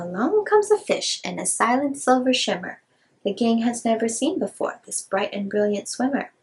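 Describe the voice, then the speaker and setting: A woman's voice: fairly high pitch, expressive, moderate pace. A woman reading picture books aloud to young children in a sing-song, rhyming way, chatting a little between books. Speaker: children's storyteller.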